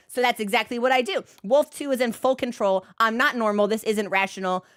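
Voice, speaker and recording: A woman's voice: on the high side, fast, hardly any pauses, fairly bright tone. A woman streamer telling a comic story in a casual, profane, exasperated way, exaggerating for laughs.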